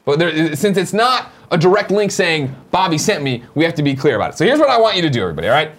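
Lively animated male show host. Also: fairly high pitch. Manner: lively, jokey, rapid plugs and reads. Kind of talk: casual chat show banter.

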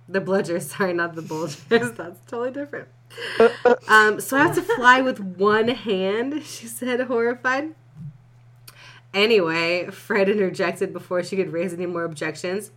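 A young woman with a lowish voice reads fan fiction aloud on a casual podcast. She breaks off often to laugh, comment and swear before picking the story back up. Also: a bit bright. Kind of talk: casual reading and chat.

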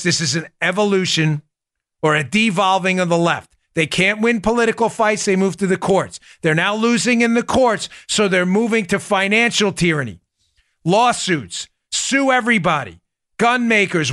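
Male political talk host, indignant and animated, high bright voice. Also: normal speed. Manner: animated, indignant, often addresses listeners as folks. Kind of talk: political commentary talk show.

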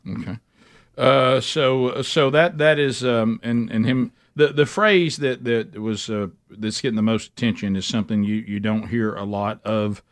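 A man's voice: lowish voice, a little slow, no room sound. A male radio host in casual chat, incredulous and asking question after question. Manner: incredulous, keeps asking why.

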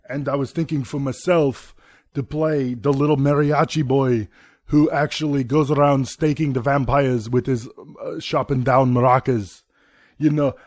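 A grandiose action-star governor, as a man puts him on for a comedy sketch, speaking with halting, mock-serious pomp. The voice sits at an ordinary pitch. It is recorded very dry, with no room sound. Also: darkish tone, dry recording, natural voice. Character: bombastic male action-star governor, booming and boastful.

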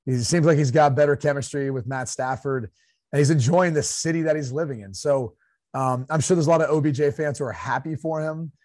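A man's voice: a little high, fairly quick, a little mellow, dry recording, clean studio sound. A man from Ohio co-hosting a sports talk podcast in a chatty way, with fillers. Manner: chatty, with frequent fillers and laughs. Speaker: podcast co-host.

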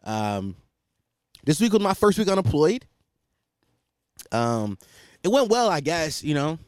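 A man's voice: fairly high pitch, big pitch swings, measured pace, a little mellow, dry recording, clean studio sound. A young man hosting a podcast, chatting casually in a rambling, profane and self-mocking way. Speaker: podcast host. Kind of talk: casual solo chat.

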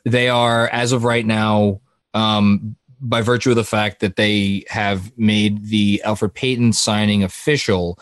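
A man's voice: fairly low pitch, level tone, measured pace, no room sound. A man hosting a casual sports podcast, rambling with frequent laughs and restarted sentences. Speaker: podcast host.

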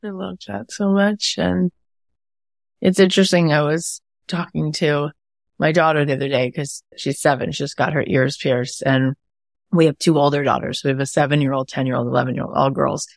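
A woman's voice: deep voice, fairly even intonation, normal speed, vocal fry, no room sound, clean studio sound. A woman in her thirties hosting an interview, chatty and enthusiastic with many fillers. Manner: enthusiastic, chatty, lots of "you know" and "like". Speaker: podcast host. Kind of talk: casual interview chat.

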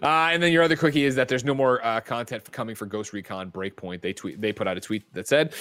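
Brief: male podcast host, rapid-fire and animated, casual swearing, dry close mic. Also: medium pitch, no echo. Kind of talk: casual chat.

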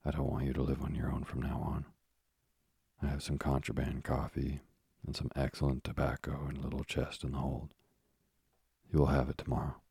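An earnest young sailor pleads eagerly with his father in a storybook reading, as a male narrator puts him on. The voice is deep, gravelly and husky despite the youth of the figure, with a flat, even delivery. The sound is dry and close. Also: brisk, no room sound, exaggerated voice.

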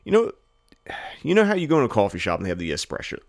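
A man's voice: on the low side, huge pitch swings, racing, vocal fry, no room sound, studio quality. A man co-hosting a podcast, telling a rambling, profane anecdote in a casual chat full of "like" fillers. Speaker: podcast co-host.

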